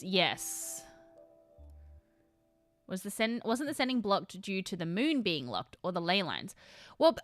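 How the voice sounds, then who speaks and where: A woman chats casually on a livestream, her bright, energetic voice rising and falling a lot. She thinks out loud and often sounds unsure, with quiet music playing in the background. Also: medium pitch. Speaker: livestream host.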